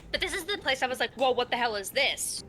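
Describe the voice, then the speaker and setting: A woman's voice: high voice, animated, fast, sharp tone, soft background music. A woman in casual, playful chat while playing a game together. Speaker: game co-player.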